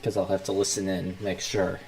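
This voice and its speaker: A man's voice: low-pitched, monotone, brisk, gravelly, over music, low-quality recording. A young man hosting a casual livestream, rambling loosely as he talks himself through setting things up.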